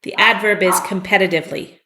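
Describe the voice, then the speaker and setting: A woman teaching English vocabulary, explaining slowly and patiently with the odd "um". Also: medium pitch, fairly even intonation, reverberant, very noisy. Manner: slow, patient explaining with fillers. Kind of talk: vocabulary lesson.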